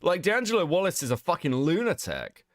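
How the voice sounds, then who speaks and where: A man's voice: fairly high pitch, brisk, dry recording, clean studio sound. A young man co-hosting a stream, reacting casually with frequent laughs and swearing. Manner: animated, laughs often, swears freely. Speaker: streamer co-host.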